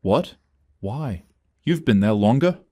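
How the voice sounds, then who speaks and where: A woman's voice: very deep voice, animated, slow, dark tone, breathy edge, no room sound, voice pushed up, full character voice. A man reading the lines of a gossiping female friend who reacts with disbelief. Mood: incredulous. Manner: incredulous.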